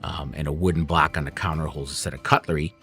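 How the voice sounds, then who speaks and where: A man's voice: a bass voice, fairly even intonation, quick pace, a bit bright, soft background music. A man narrating scenes as game master in a tabletop game, descriptive with frequent fillers.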